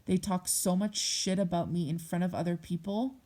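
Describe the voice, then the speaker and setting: Impassioned, blunt woman vlogger, low voice. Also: fairly even intonation, normal speed, mellow. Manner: blunt and impassioned, swearing, heated. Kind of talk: personal monologue to camera.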